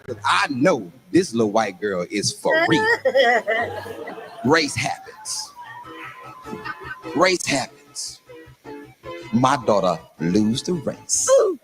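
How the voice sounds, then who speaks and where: Middle-aged male stand-up comic, punchy storyteller, very animated delivery. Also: mid-range voice, unhurried, hardly any pauses, soft background music, some chatter behind. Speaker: stand-up comedian.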